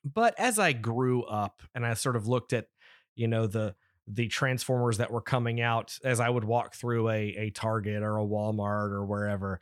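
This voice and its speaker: A man's voice: fairly low pitch, normal speed, no echo, studio quality. A man in his thirties hosting a podcast, chatting casually and rambling with lots of restarts and fillers. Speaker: podcast host. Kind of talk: casual nerdy chat.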